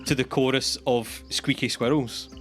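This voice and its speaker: A Scottish man giving jokey, animated commentary while streaming a game. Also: mid-range voice, moderate pace, soft background music. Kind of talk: gameplay commentary.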